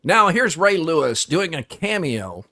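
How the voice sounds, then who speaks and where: A man's voice: fairly high pitch, very animated, a little slow, pushed and bright. A man co-hosting a casual sports talk show, conversational and amused. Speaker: radio co-host.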